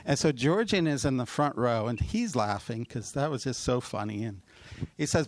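A middle-aged man, a pastor, telling a personal story in a sermon, with loud emotional peaks and quick asides. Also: medium pitch, animated, no echo. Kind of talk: sermon testimony.

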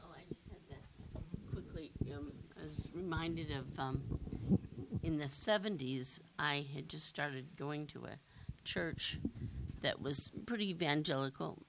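A woman's voice: low-pitched, measured pace, background noise. An older woman from the congregation recalling a personal memory in a hesitant, reflective way. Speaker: congregation member.

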